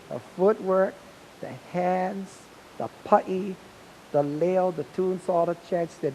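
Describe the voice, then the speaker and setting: A man's voice: high-pitched, slow pace, a little mellow, a little hiss or hum, rough recording. A Hawaiian man who teaches hula, telling a story in an interview and acting out the remembered dialogue with animation.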